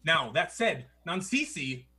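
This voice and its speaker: Bright high-voiced male game master. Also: measured pace, breathy edge, soft background music. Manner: lively, theatrical storytelling. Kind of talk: narrating a tabletop game.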